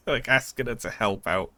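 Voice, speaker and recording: A man's voice: medium pitch, pushed and bright. A man streaming a video game, giving casual commentary in a joking, sarcastic way and laughing often.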